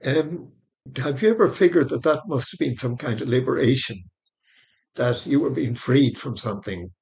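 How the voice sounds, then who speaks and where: Gravelly-voiced man hosting a faith podcast. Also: mid-range voice, animated, normal speed. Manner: gentle, prompting questions, religious farewell. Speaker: podcast host. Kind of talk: interview and sign-off.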